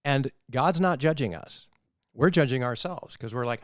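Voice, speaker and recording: A man hosting a faith-based podcast, telling stories in an animated, earnest, preaching manner. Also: mid-range voice, normal speed, no echo, studio quality. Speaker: podcast host.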